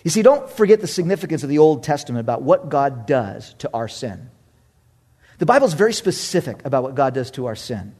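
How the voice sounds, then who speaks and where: A man in his thirties preaching a sermon, animated and humorous, jumping from loud exclamations to hushed asides. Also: fairly high pitch, a little fast. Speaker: pastor.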